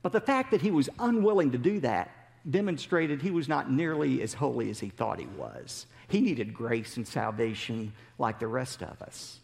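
Lively preacher in a ringing hall. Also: male voice, medium pitch, moderate pace, gravelly. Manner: animated storyteller, rhetorical questions. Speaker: pastor. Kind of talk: sermon.

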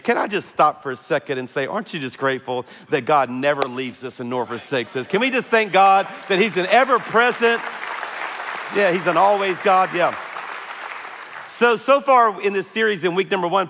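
A man's voice: fairly high pitch, a bit bright, long reverb tail. A male pastor, preaching a conversational sermon with frequent fillers. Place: large church auditorium.

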